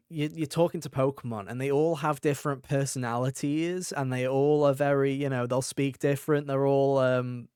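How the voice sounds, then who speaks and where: Man, 20s, podcast co-host, casual chat, smooth voice, dry sound, animated. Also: mid-range voice, no room sound. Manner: animated storyteller, acts out quotes.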